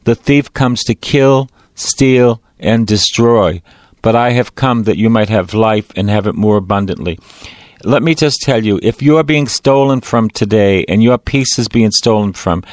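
Preaching emphatically and repeating himself, a middle-aged priest speaks with the familiar cadence of the pulpit. His voice is male and mid-range, and there's no echo.

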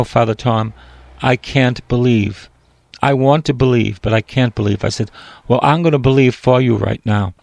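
A man's voice: medium pitch, a little mellow, dry recording. A priest preaching a sermon, reading scripture aloud and breaking off to explain it, lifting his voice when he quotes God or a prophet.

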